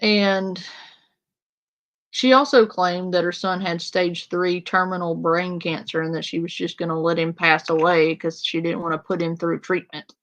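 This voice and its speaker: A woman's voice: on the low side, little pitch movement, moderate pace, fairly bright tone, poor audio. A woman panel guest ranting in an exasperated, profane way in casual commentary.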